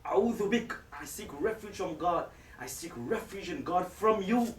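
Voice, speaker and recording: A man's voice: a little high, very animated, fast talker, a little mellow, a little hiss or hum, voice pushed up. A male preacher briefly voicing Mary as a frightened young woman while telling a story to a live audience. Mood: pleading. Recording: echoey room, distant mic.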